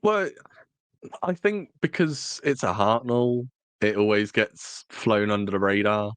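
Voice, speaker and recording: Male podcast co-host, casual and self-correcting; low-pitched voice, dry recording. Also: a little slow, clean tone, dry recording. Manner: rambling, self-correcting, jokey. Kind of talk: casual chat.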